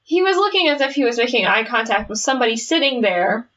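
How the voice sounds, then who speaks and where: A woman's voice: fairly high pitch, big pitch swings, fast talker, a bit bright. A woman co-hosting a horror podcast, giggling and riffing on the story as she reads it aloud. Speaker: podcast co-host. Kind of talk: casual comedic chat and story reading. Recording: distant lo-fi mic with faint noise.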